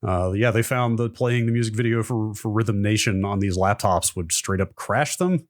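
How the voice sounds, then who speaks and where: A man co-hosting a tech podcast in relaxed conversation. He sets up stories and asks curious questions. His voice sits a little low. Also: moderate pace, no echo, studio quality. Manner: curious, asks questions, reads aloud from a post. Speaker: podcast co-host. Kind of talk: casual chat.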